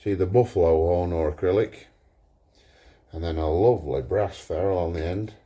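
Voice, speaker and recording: Man, workshop vlog, deep voice, mellow tone, easygoing, thinks aloud. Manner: relaxed, thinking aloud, unhurried. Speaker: pipe maker.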